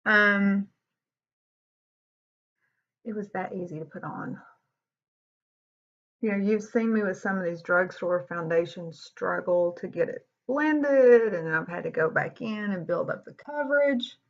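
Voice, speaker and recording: A beauty vlogger chats candidly during a casual makeup tutorial, saying "y'all" often. Her voice is lowish and a bit bright, her pace measured with frequent pauses, and the audio is dull and lo-fi.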